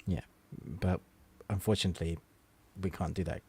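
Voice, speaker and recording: Wry low-voiced man on a podcast. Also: fairly even intonation, normal speed, dark tone, breathy edge. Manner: wry, laughs often, teasing. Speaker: podcast co-host. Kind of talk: casual chat.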